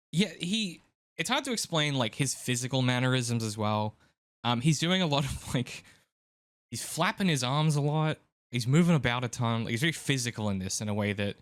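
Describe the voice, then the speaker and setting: A man's voice: mid-range voice, dry recording. Rambling man in casual film chat. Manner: rambling, lots of fillers, thinks aloud. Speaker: podcast host.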